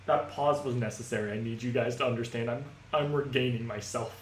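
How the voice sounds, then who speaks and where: A man's voice: medium pitch, fairly even intonation, a little fast, hardly any pauses. Joking, sarcastic man commenting on a game. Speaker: game streamer. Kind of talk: gameplay commentary, reading dialogue aloud. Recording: echoey room with game music.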